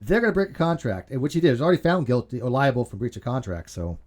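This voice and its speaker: A man's voice: mid-range voice, fast talker. A man hosting a casual group video call, rambling, swearing freely and telling stories with lots of restarts. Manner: rambling, profane, animated storyteller. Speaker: host.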